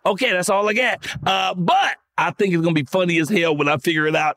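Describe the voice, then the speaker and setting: A man's voice: sits high, brisk, hardly any pauses, loud music behind the voice. A man hosting a comedy talk show, riffing loosely and profanely, telling jokes to his guests. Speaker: podcast host and comedian. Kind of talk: casual comedic chat.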